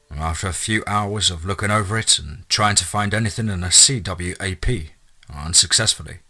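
A man's voice: low voice, pushed and bright. A man narrating a first-person camp horror story in a casual, wry way. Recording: faint music underneath.

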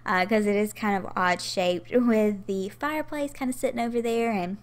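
A woman's voice: medium pitch, moderate pace. Girl doing a sims build voiceover, out of breath, giggly, chatty, lots of ums and likes. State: out of breath, heavily pregnant. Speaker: Sims gaming YouTuber. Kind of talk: casual game build voiceover.

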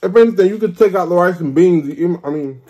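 A man's voice: sits high, mellow. A man in his thirties, a food vlogger, ranting in an exasperated, swearing way during a mukbang. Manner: exasperated, swearing, drawn-out complaints. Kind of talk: mukbang rant.

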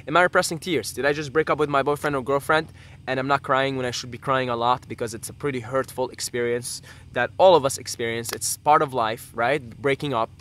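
A man's voice: mid-range voice, fairly even intonation, a little fast, fairly bright tone. A young man talking to his camera in a casual vlog, earnest and rambling, swearing freely and drifting off on tangents. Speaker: YouTuber.

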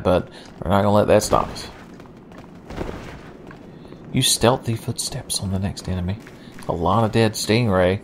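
A young let's play commentator gives sardonic, profane, rambling gameplay commentary. His voice is lowish with vocal fry, and there's a little hiss or hum in the audio.

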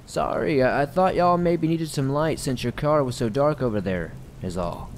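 A man voicing a creepy stranger with a bright light, who speaks awkwardly and stammers, in a horror story narration. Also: medium pitch, fairly even intonation, normal speed, a little hiss or hum, voice pushed up, lightly acted. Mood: awkwardly pushy.

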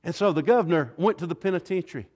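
A man preaching a revival sermon, swinging dramatically between hushed tones and loud cries. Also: fairly high pitch, expressive, fast talker. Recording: long reverb in a large hall.

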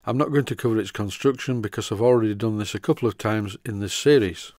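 An older man narrating a model workshop tutorial in a dry, deadpan manner. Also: fairly low pitch, fast talker, dry recording. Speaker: model engineering video host.

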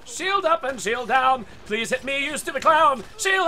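A man hosting his own gaming channel, giving live commentary over a match and breaking into loud excited outbursts. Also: extremely high pitch, a little slow, heavy background noise. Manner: excitable, loud outbursts and yelling at other players. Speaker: gaming video host. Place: home room.

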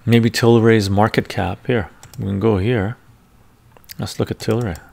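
A man's voice: fairly low pitch, fairly even intonation, measured pace, creaky, a little mellow. A man, the host, talking casually and thinking aloud as he browses stock charts, often muttering to himself. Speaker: finance video host. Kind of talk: casual screen-share commentary. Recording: ASMR-style close mic.

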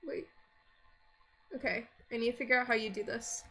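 A woman's voice: fairly high pitch, steady tone, normal speed, pushed and bright, slightly rough. A woman narrating her own gameplay in casual let's-play commentary, chatting to herself, grumbling and easily startled. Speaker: gaming video creator.

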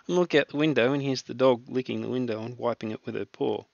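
A man chatting as a regular guest, telling stories in an animated way and acting out the sounds. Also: mid-range voice, brisk, vocal fry, no echo, lo-fi sound. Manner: animated storyteller, acts out sounds and laughs. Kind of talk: casual chat.

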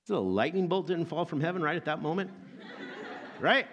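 A man's voice: fairly high pitch, expressive, moderate pace, fairly bright tone. A man preaching a sermon as pastor, telling the story animatedly and acting out the characters.

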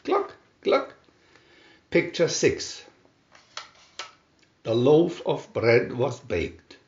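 A man reading a children's storybook aloud in a lively storytelling manner. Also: medium pitch, drawn-out words. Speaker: storybook reader. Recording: roomy, dull lo-fi home recording.

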